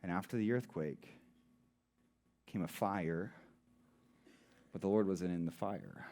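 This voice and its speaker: A married man who preaches as a pastor, posing rhetorical questions and slowing down for emphasis. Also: on the low side, fairly even intonation, darkish tone. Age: adult, married. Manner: rhetorical questions, dramatic slowing on key words. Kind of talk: sermon.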